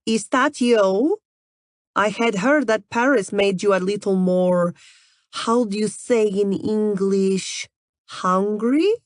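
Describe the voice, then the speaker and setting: A woman voicing a flirtatious female Russian model, with a put-on Russian accent and a slow, purring, teasing delivery. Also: medium pitch, no echo, clean studio sound, pitched above the performer's own voice, close to an everyday voice.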